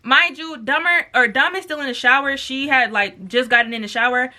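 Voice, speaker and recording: High, bright young woman telling a story. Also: fairly quick. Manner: animated, profane, slangy storytelling with acted quotes. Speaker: vlogger. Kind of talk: storytime with mukbang.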